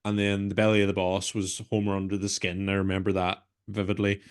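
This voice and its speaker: In a laid-back horror podcast chat, a Northern Irish man serving as co-host rambles on and keeps murmuring his agreement. His low voice is smooth and monotone, and he talks a little fast.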